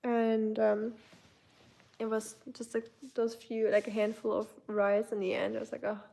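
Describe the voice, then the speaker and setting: A woman's voice: fairly high pitch, monotone, unhurried, creaky. A young German woman with a German accent, casually chatting on her livestream and answering viewer comments. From Germany, Baden-Württemberg. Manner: chatty, warm greetings to viewers, many fillers. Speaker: livestream host. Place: home.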